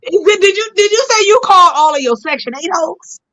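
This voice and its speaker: A woman hosts a talk show over a video call. Her high voice is bright and swoops up and down as she teases her guest and laughs heartily. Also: lively intonation, moderate pace, poor audio. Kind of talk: casual comedic chat.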